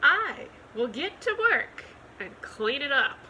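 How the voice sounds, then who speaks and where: A woman's voice: high-pitched, big pitch swings, slow, pushed and bright, lo-fi sound, slight background noise, pitched above the performer's own voice, heavily acted. A woman voicing a fussy, tidy farmer's wife who speaks in a prim, exclaiming way.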